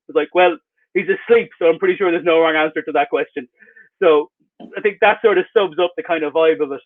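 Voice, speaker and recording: A man answers interview questions in a loose, rambling way, full of wry and self-mocking asides. His voice sits a little high. The sound is thin and tinny, as if it came through a phone line on a video call. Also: a little fast. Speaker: author being interviewed.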